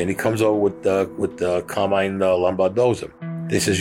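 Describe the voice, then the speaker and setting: Man, low voice, blunt and profane, telling his own story, faint music under it. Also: fairly even intonation, quick pace. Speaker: interviewee. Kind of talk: recounting a personal story.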